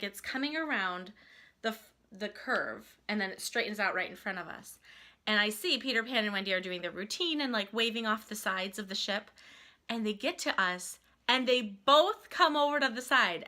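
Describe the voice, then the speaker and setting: Gushing, bright-voiced woman telling a story. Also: on the high side. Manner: animated and gushing, heavy use of "like". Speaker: vlogger, mother telling a family trip story. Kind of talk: casual storytime chat.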